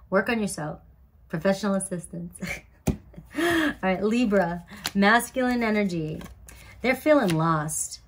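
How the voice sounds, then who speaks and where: A young woman giving a casual tarot reading to her viewers, chatty and loose, often starting with "all right.". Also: on the low side. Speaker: tarot reader.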